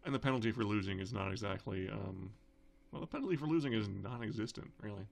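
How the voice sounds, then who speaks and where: A man's voice: lowish voice, fast talker, vocal fry. A man hosting a let's play, giving casual gameplay commentary in a wry, self-mocking way and reading game lines aloud.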